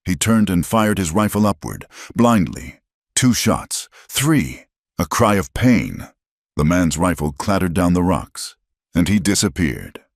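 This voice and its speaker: A male narrator with a very deep voice reads a western story dramatically, his pitch rising and falling in wide, animated swings. The recording is dry and close, with no room sound at all. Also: measured pace, no echo. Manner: dramatic, expressive reading.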